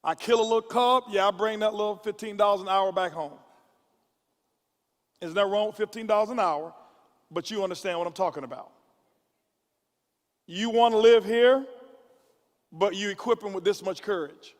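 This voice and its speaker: A man with a high, light voice speaks to a crowded conference hall, his words ringing with long reverb. He repeats himself in quick restarts and builds his points like a preacher. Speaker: motivational speaker. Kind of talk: motivational speech to a conference audience.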